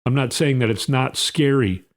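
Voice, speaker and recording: A man talking politics straight into a desk mic from a small room at home. He speaks at a middling pitch and keeps it casual, blunt and sarcastic, tossing in scornful asides between points. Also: moderate pace. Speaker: political commentary host.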